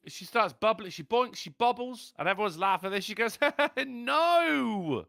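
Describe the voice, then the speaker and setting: A man co-hosting a casual podcast chat, telling animated stories and laughing often. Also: sits high, normal speed, dry recording, studio quality. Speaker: podcast co-host.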